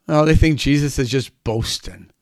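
A man's voice: mid-range voice, normal speed, dry recording, clean studio sound. A man preaching a sermon, emphatic and drawn out, his voice climbing on the key words.

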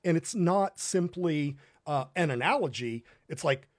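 Host guy talking earnest with lots of ums, kinda high voice, dead dry mic. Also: lively intonation, no room sound. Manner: earnest, halting with fillers. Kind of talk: casual faith talk show.

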